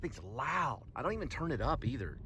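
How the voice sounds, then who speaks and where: A man hosting his show, chatting in a rambling, casual way while driving, recorded inside a moving car with loud road noise. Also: mid-range voice, big pitch swings, fairly quick, breathy edge, rough recording. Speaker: show host.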